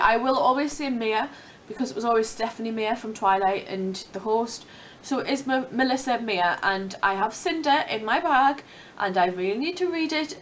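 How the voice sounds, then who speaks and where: A chatty young woman talks at home, her voice a touch high. She rambles in a playful way. The mic sits a bit away from her, with a faint low rumble behind. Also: distant mic, dull audio. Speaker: book vlogger. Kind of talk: casual chat to camera.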